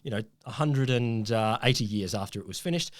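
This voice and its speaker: A man's voice: medium pitch, expressive, brisk. A middle-aged Australian man co-hosting a casual science podcast, telling a story in a rambling, self-correcting way.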